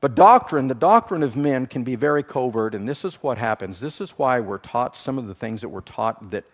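A man preaching a sermon as pastor, shifting from quiet, slow teaching to loud, quick, humorous asides. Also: mid-range voice, animated, highs cut off. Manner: dynamic preaching, swings from soft to loud and fast.

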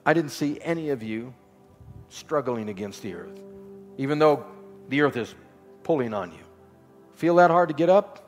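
A man preaching a sermon with rhythmic repetition, swinging from loud exhortation to soft, low lines. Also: lively intonation, normal speed, pauses often. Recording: long hall reverb with faint music.

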